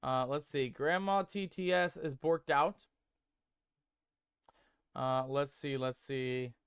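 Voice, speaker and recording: A man's voice: medium pitch, takes it slowly, fairly bright tone, clean tone, no room sound, studio quality. A man streaming a game, chatting casually and playfully with viewers he calls mateys while reading chat aloud. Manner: reads chat aloud and tests text-to-speech voices.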